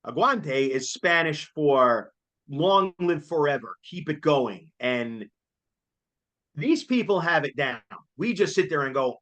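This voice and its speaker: A man chatting as co-host with an excitable, jokey manner. His voice sits a little high for a man. He laughs easily between thoughts. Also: slow pace. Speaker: co-host reviewing a concert. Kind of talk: casual chat.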